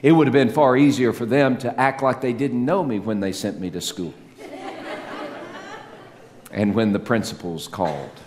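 A middle-aged man preaching a sermon, animated, swinging between loud peaks and soft low asides, with self-mocking humor. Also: normal speed, pauses often, a faint crowd. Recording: long hall reverb, faint ambience.

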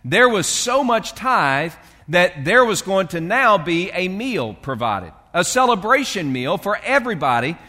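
A man's voice: sits high, sing-song, measured pace, pushed and bright, long reverb tail. A male pastor preaching a sermon in a loose, conversational way, with fillers and restarts as he reads and explains scripture.

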